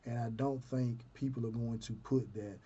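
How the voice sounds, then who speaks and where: A man talking sports on his own in a relaxed, unscripted way, thinking aloud and circling back as he goes. His voice is warm and a little husky, and the recording sounds muffled and lo-fi. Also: mid-range voice, normal speed. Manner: conversational, thinks aloud with fillers and restarts. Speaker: sports fan commentator. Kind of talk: casual solo sports talk. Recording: dull lo-fi sound.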